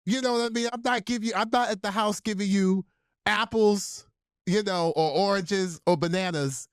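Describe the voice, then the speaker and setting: A man co-hosting a podcast, chatting casually in an animated, playfully outraged way and laughing often. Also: sits high, normal speed, no echo, studio quality. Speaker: podcast co-host.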